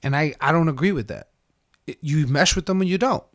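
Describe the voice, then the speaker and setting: Podcast co-host, man, fairly high voice, loose rambling storyteller, dry close mic. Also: brisk, no echo. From United States. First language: English. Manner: relaxed, rambling storyteller with restarts. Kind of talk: casual chat.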